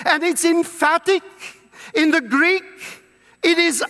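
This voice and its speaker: High-voiced man preaching in an echoing hall. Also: bright, forceful tone. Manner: emphatic preaching with slow, drawn-out stresses and quoted scripture. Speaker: pastor. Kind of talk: sermon. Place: church. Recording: long reverb of a church hall.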